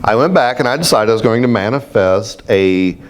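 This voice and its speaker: A man speaking as a spiritual teacher, telling stories to a group in an animated, self-mocking way. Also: fairly low pitch, brisk. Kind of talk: storytelling talk to a group.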